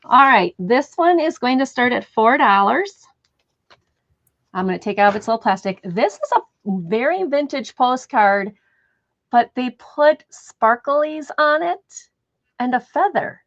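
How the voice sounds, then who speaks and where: A woman's voice: fairly high pitch, expressive, unhurried, a bit bright, no echo. A woman hosting a live online sale, chatting and thinking aloud as she describes a vintage postcard. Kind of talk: casual live sale chat. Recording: dull, dry lo-fi stream audio.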